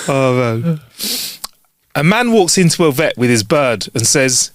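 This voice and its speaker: A man's voice: on the high side, sing-song, slow, a bit bright, no room sound. A man co-hosting a casual comedy podcast, reading jokes aloud and laughing often. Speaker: podcast co-host.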